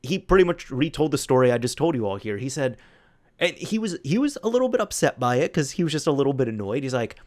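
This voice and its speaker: A man's voice: mid-range voice, big pitch swings, fast, darkish tone. Rambling man telling a story. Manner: rambling, many restarts and fillers. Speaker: host. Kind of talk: casual solo storytelling.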